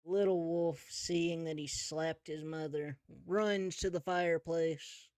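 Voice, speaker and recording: A male game master narrating a tabletop role-play, relaxed and unhurried. He tells the story casually and adds asides to the players. The recording is dry and close. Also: a little high, no room sound.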